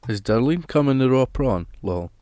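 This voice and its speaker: A man's voice: medium pitch, lively intonation, normal speed, dark tone, no room sound. Rambling, jokey man hosting a live stream. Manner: rambling and jokey, chatting to viewers. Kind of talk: casual live stream chat.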